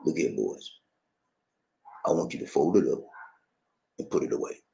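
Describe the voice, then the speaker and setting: A man's voice: lively intonation, normal speed, creaky, lo-fi sound, heavily acted. A man voicing an older general who firmly tells his soldiers to put the flag away. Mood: resigned. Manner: low, quiet, firm. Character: calm stern older male general.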